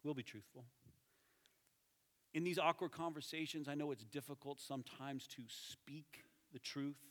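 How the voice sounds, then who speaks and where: Animated pastor preaching in a reverberant hall. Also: male voice, fairly high pitch, normal speed. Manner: animated, conversational, drops to soft tones for emphasis. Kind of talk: sermon. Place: church sanctuary.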